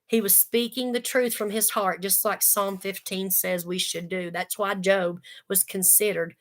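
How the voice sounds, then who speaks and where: A woman's voice: mid-range voice, steady tone, unhurried, fairly bright tone. A woman giving a casual Bible study talk, conversational and earnest, with folksy asides. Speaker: Bible teacher.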